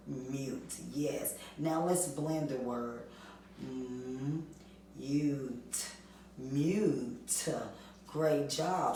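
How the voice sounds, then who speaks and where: Low slow lady teacher talking to little kids, sing-song, echoey room, mic far off. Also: mellow, slight background noise. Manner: sing-song, asks questions and answers them herself. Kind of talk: classroom lesson for young children.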